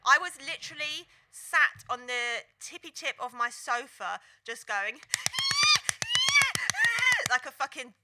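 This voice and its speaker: A woman's voice: fairly high pitch, normal speed, hardly any pauses, heavy background noise. A woman co-hosting a podcast in a studio, playful and cheeky, swearing freely in casual chat. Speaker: podcast co-host.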